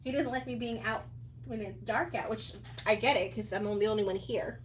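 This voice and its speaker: A woman's voice: on the high side, a little fast. A woman hosting a sewing live stream, chatting casually and laughing often as she answers viewers while she works. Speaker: sewing livestream host. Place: sewing workspace away from home. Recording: distant mic with audible background noise.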